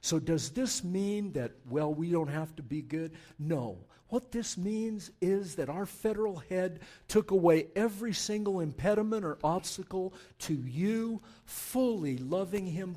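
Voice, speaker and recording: A man preaching a sermon as pastor, passionate and urgent, dropping to a hushed, soft prayer. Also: high voice. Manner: impassioned preaching, swinging from loud urging to hushed prayer. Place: church.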